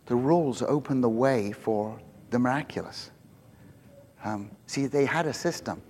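Joking pastor in a reverberant church. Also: male voice, mid-range voice, a little slow, a little mellow, a little hiss or hum. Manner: conversational and joking, self-mocking. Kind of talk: sermon.

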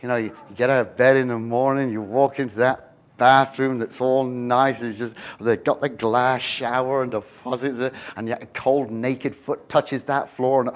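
A middle-aged man preaching a sermon, telling stories with lively swings from hushed to shouting. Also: mid-range voice, normal speed.

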